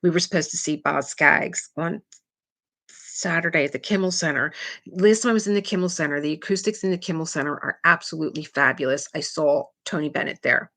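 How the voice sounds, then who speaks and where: A middle-aged woman hosting a casual live chat, talking in a chatty, rambling way with quick asides. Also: low voice, fairly bright tone. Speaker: livestream host.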